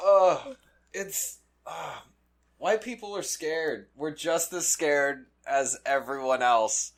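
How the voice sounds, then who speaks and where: A man's voice: fairly high pitch, slow. A man co-hosting a podcast in casual chat, dropping wry, joking asides. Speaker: guest co-host.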